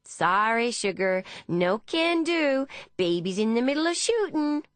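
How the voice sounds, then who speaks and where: A woman's voice: on the high side, big pitch swings, measured pace, smooth, no room sound, voice pushed up. A woman voicing a flirtatious, offhand American woman with a Texan accent, drawling and casual.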